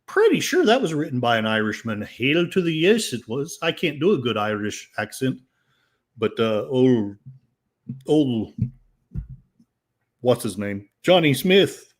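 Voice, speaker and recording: Older male podcast host, sarcastic, rambling delivery, mid pitch. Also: very animated, unhurried, long pauses. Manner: sarcastic, rambling, with frequent fillers. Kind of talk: casual commentary reading headlines.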